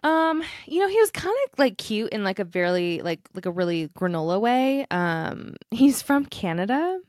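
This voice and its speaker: A young adult woman co-hosting a podcast, telling a rambling story in casual chat, stopping and restarting herself with quick laughs. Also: medium pitch, very animated, darkish tone, no echo, studio quality. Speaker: podcast co-host.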